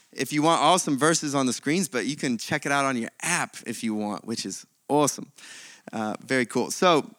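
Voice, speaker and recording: A man preaching a sermon as pastor, animated, with sudden swings between loud and quiet. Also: a little high, dry recording, studio quality.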